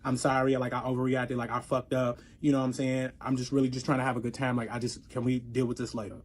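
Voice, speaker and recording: A man telling a story in casual chat, animated and profane, acting out both sides of the arguments. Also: medium pitch, fast talker.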